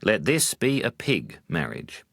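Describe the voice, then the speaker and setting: A man, a Buddhist monk, telling humorous teaching stories in a measured way with dry wit. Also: low-pitched, huge pitch swings, vocal fry, a bit bright, no room sound. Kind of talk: storytelling talk.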